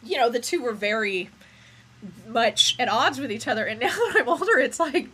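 A woman's voice: on the high side, animated, moderate pace, a bit bright, husky. A woman co-hosting a horror podcast, chatting casually, laughing and swearing freely. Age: adult, recalls childhood viewing. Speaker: podcast co-host. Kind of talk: casual chat.

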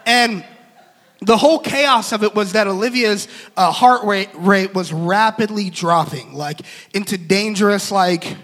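A young man with a very high, bright voice tells a story from the pulpit, animated and quick to laugh as he acts out each person's lines. His voice rings with the long reverb of a large hall. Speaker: pastor. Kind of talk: storytelling sermon.

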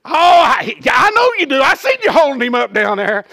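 A booming, fatherly God calls out reassurance, played by a male preacher. The voice rides high and bright with a gravelly edge, in a dry close sound. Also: very animated, fairly quick, dry recording, heavily acted. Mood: excited. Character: God, a booming all-knowing father welcoming souls.

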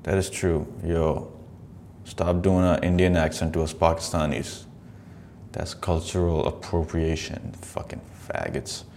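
A man's voice: low-pitched, fairly even intonation, a little slow, a little mellow, slight background noise. A man hosting a podcast, commenting on videos in a profane, rambling way and laughing often. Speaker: podcast host.

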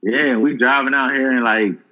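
A man's voice: mid-range voice, fairly even intonation, moderate pace, narrow, tinny audio, crowd noise. A man co-hosting a casual chat, rambling with many fillers and profanity.

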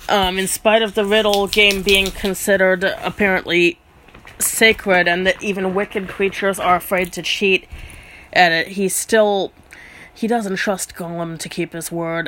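Slow, musing woman reading aloud. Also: lowish voice, a bit bright, a little hiss or hum. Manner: thoughtful, musing asides, frequent ums. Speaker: storyteller. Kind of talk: reading a book aloud with asides.

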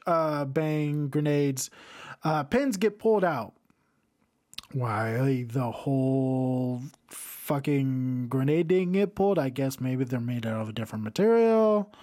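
A man's voice: a little high, a little mellow. A man hosting a podcast, giving a rambling, profanity-heavy film review in a casual rant. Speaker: podcast host reviewing films.

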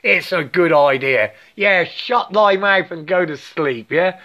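A man's voice: sits high, slow pace, pushed and bright, muffled recording. A man in his late fifties giving a rambling spiritual monologue, swearing freely and tagging most sentences with "yeah?". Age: 50s. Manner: profane, repetitive, keeps asking "yeah?".

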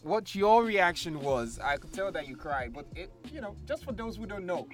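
A man's voice: high voice, very animated, moderate pace, faint music behind. A man hosting a casual interview, asking playful, teasing questions. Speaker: host.

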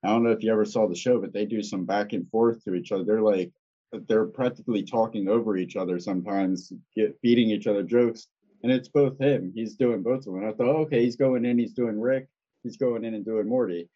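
A man's voice: lowish voice, steady tone, fairly quick, dark tone, highs cut off. A man hosting a casual chat, talking in a rambling, hesitant way.

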